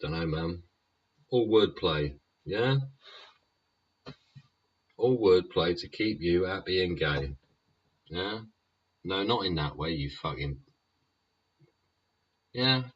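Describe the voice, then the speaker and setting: Deep, slow, swearing man. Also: expressive, breathy edge. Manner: rambling, profane, keeps tagging lines with "yeah?". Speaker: YouTube show host. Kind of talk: sweary ranting monologue. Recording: dull lo-fi recording.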